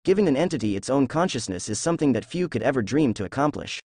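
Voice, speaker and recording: A man voicing a gruff ancient male fox spirit in a fan fiction reading, curt and snappish. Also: medium pitch, expressive, fast, darkish tone, no room sound, natural voice.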